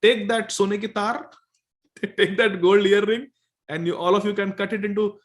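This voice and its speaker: A man's voice: sits high, fairly even intonation, moderate pace, voice pushed up, natural voice. A man voicing a playful male deity who teases and coaxes in a devotional story. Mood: teasing. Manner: coaxing, teasing. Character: Lord Dwarkadish, a playful, bargaining male deity.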